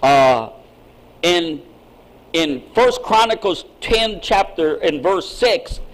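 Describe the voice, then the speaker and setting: A man preaching a sermon as pastor, emphatic, with sudden swings in pitch and loudness and frequent repeated words. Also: animated, takes it slowly, rough recording.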